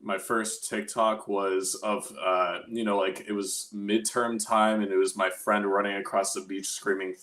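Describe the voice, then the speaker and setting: Low-voiced young man telling his story. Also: level tone, unhurried, few pauses, a bit bright. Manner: rambling, candid, swears casually. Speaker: guest, opera singer and grad student. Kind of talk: casual storytelling chat.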